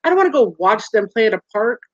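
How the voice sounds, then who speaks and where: A woman's voice: a little high, fast talker, no echo. Earnest woman on a muffled call. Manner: earnest and animated, acting out quoted voices. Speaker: guest. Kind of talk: candid personal interview. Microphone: video call. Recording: dull muffled lo-fi sound.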